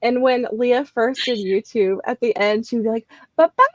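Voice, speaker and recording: A teasing woman chatting with friends about books. Her voice sits a little high, and the audio is dry and slightly muffled, as if the highs were cut off. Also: steady tone, moderate pace, darkish tone, dry recording. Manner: teasing, tells funny stories. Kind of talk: casual chat among friends.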